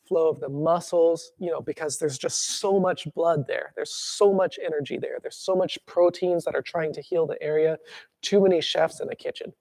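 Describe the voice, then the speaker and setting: A man teaching a tuina workshop, calmly guiding breathing and then explaining with lively acted-out examples. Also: a little high, vocal fry, dry recording, studio quality.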